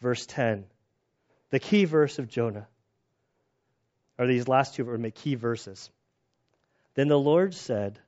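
A man preaching a sermon, telling stories with animated retellings and laughter. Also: mid-range voice, highs cut off. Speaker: pastor.

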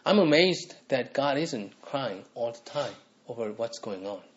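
A man's voice: medium pitch, lively intonation, a little slow, a little hiss or hum. Earnest preacher man, dull lo-fi recording. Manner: earnest, asks the listeners repeated rhetorical questions. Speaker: pastor. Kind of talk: sermon.

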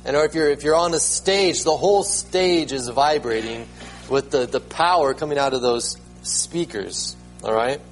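A man's voice: mid-range voice, normal speed, soft background music, rough recording. A man preaching a sermon as pastor, emphatic, repeating words and rising sharply when he proclaims them.

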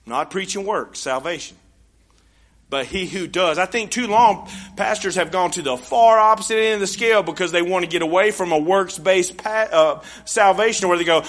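A man preaching a sermon as pastor, passionate and emphatic, swinging between hushed asides and loud declarations. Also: high voice, lively intonation, normal speed. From United States.

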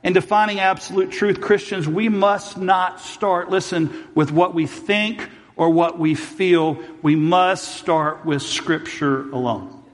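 A man's voice: sits high, fairly even intonation, slow pace, long reverb tail. A man preaching a sermon as pastor, telling a personal story and acting out both sides of each argument.

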